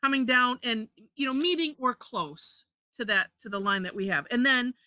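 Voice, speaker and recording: A woman's voice: a little high, normal speed, bright, forceful tone, dry recording. A woman leading a live drawing lesson, chatty, correcting herself and laughing often. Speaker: drawing instructor.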